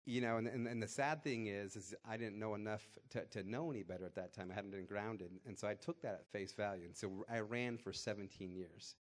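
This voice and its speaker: A man telling a personal testimony, animated and acting out the people in it. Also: fairly low pitch, brisk, few pauses. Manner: animated storyteller acting out dialogue. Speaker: guest sharing testimony. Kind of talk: storytelling testimony.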